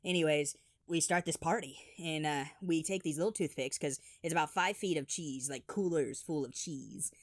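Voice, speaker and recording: A man telling funny childhood stories in an animated, exaggerated voice-over. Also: fairly high pitch, normal speed, dry recording, studio quality. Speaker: storyteller. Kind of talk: animated comedic storytelling.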